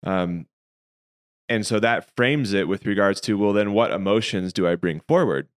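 A man with a fairly low voice talks through faith questions on a podcast. He is earnest and reflective, laying out his ideas patiently. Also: normal speed. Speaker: podcast co-host. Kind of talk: casual faith discussion.

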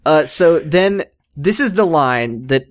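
A man's voice: a little high, lively intonation, slow. A man co-hosting a casual show recap podcast, joking and often slipping into silly character voices. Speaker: podcast co-host.

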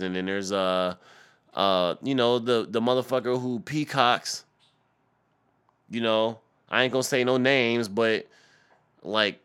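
A young man hosting a podcast, ranting and swearing in a loud comedic tirade, stuttering and repeating words as he goes. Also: on the low side, moderate pace, smooth. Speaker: podcast host. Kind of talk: profane comedic rant.

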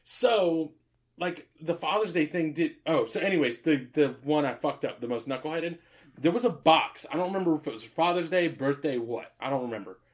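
A man's voice: on the high side, fairly quick. A man telling stories in casual chat, rambling and swearing freely, laughing often.

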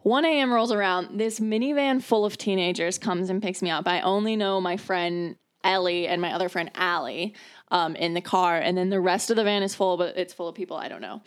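Young woman storyteller from the Midwest, casual and chatty, with fillers and swearing. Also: medium pitch. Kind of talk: casual storytelling among friends.

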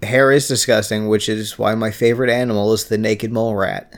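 A man's voice: fairly low pitch, fairly even intonation, brisk. A man co-hosting a casual podcast chat, trading dry jokes about a TV episode. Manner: dry, jokey banter. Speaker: podcast co-host.

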